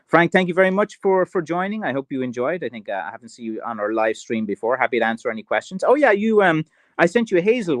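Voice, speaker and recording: In a dry recording, a middle-aged stick maker with an Irish accent and medium pitch rambles casually through a livestream. He uses lots of filler and replies to what viewers write.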